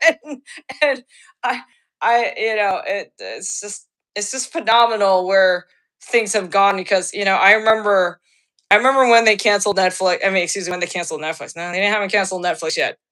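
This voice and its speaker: Bright, excitable woman podcast host. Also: medium pitch, normal speed. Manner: excitable, laughing often, many restarts. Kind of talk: casual chat.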